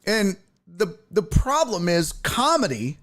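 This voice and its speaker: Fired-up man with a lively, high-ish voice. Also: slow. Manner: profane, emphatic, fired-up ranting. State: congested. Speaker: podcast host and stand-up comedian. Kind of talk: animated profane storytelling.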